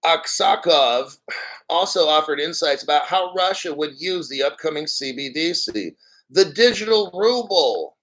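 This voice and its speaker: A man's voice: fairly high pitch, expressive, a little slow, a bit bright, low-quality recording. A man hosting a crypto video, reading out a news article and reacting in a hyped, boastful way. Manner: hyped, boastful, laughing often. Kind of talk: excited commentary reading an article.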